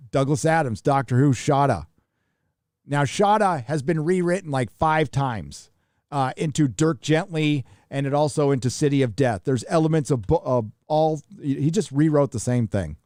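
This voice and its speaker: A man's voice: medium pitch, a little mellow, no room sound, studio quality. Profane, rambling male live-stream host. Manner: rambling, profane, reads chat donations aloud. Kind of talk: casual live-stream chat.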